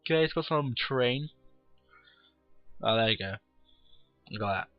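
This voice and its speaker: A man's voice: mid-range voice, lively intonation, moderate pace, no echo, highs cut off, soft background music. Tired, blunt man commentating a game. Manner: rambling, blunt, swears casually. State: tired, yawning. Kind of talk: casual gameplay commentary.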